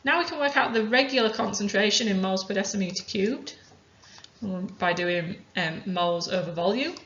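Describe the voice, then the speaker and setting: A woman chemistry teacher calmly talking through worked examples step by step. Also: medium pitch, moderate pace, a little hiss or hum. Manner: methodical, talks through each step aloud. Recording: roomy, dull lo-fi sound.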